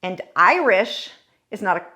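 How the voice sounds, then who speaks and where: Wry, lively woman. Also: medium pitch, unhurried. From United States. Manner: sarcastic, wry asides. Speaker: art YouTuber. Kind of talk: casual commentary reading scam messages aloud.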